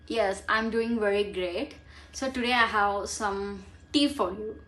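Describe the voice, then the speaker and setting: A young woman, talking in a casual vlog, earnest and halting with fillers. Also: medium pitch, a bit bright. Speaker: vlogger. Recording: roomy echo.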